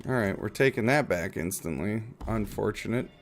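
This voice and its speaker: A man's voice: on the low side, animated, moderate pace, slight background noise. Wry man streaming a mobile game. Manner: wry, self-mocking rambling. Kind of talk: casual stream commentary.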